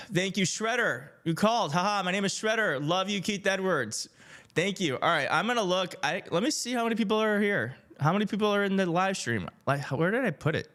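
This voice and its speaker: A man from Michigan hosting a political live stream, chatting casually and excitedly with his viewers. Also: high-pitched, fairly quick. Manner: upbeat, hyped, addresses chat directly, laughs often. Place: home setup in D.C.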